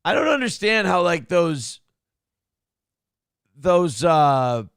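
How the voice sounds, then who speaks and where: A man co-hosts a loose morning talk show, joking around and needling his partner. His voice sits a bit high for a man and has a gravelly, fry-laden edge. The sound is dry and close. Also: sing-song, slow, fairly bright tone, no echo. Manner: teasing, joking, reads chat comments aloud. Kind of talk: casual banter show.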